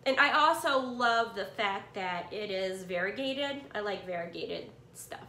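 A middle-aged woman with a mid-range voice and measured pace gushes as she unboxes yarn from a swap in a cluttered room at home. Excitable, she chats to her viewers like friends, and the room is echoey with a little hiss or hum.

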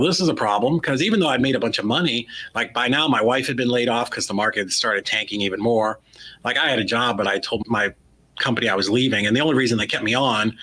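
A bright-voiced American man, though lowish in pitch, tells a lively story as a guest in an interview and animatedly acts out quoted dialogue. He's a real estate investor, and the audio is poor.

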